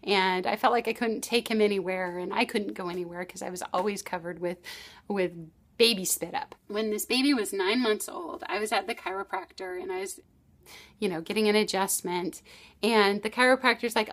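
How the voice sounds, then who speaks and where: A woman's voice: medium pitch, steady tone, fairly quick. Chatty mother telling a parenting story. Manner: chatty storytelling with frequent restarts and laughs. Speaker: parenting advice presenter. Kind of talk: casual advice talk to camera.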